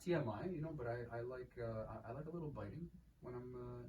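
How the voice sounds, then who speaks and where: A man's voice: mid-range voice, fast. A young man co-hosting a podcast in casual chat, rambling and profane with frequent laughs. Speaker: podcast co-host. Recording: distant mic with background noise.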